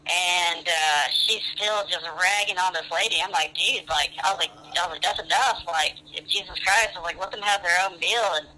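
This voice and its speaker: A man's voice: sits high, normal speed, few pauses, pushed and bright. A man calling in to a radio show, rambling through a story with many fillers, heard over a phone line. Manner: rambling, lots of "I was like" and "uh". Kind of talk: casual storytelling.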